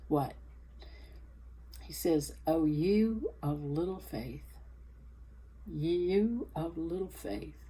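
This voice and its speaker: A woman sharing a personal faith testimony, halting and hesitant with many fillers, growing more animated when she retells scripture. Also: rough recording. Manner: rises in pitch and energy when retelling scripture.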